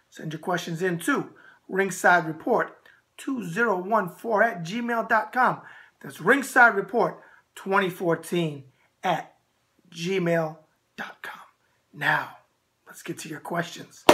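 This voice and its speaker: A male host from Michigan runs a boxing viewer-question show from his home. He talks in a brash, opinionated way and keeps coming back to his catchphrase. His voice has a sharp, forceful edge. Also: high voice, animated, moderate pace.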